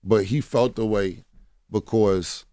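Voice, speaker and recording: A man's voice: fairly low pitch, fairly even intonation, slow pace, mellow, no echo, clean studio sound. A man telling stories bluntly in a radio interview, swearing freely and often asking "you know what I'm saying.". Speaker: guest. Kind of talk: candid interview storytelling. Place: radio studio. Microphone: studio mic.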